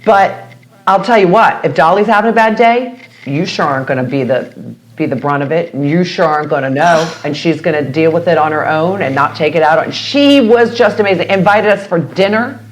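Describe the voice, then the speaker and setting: A woman guest in casual podcast chat, telling an anecdote with lively acted-out quotes. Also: brisk. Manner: animated storyteller, acts out quotes with big pitch jumps.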